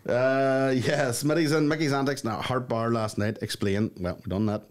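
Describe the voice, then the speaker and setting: A man's voice: mid-range voice, steady tone, moderate pace. Joking podcast co-host man. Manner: crude, joking, laughs often. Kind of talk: casual banter reading listener messages.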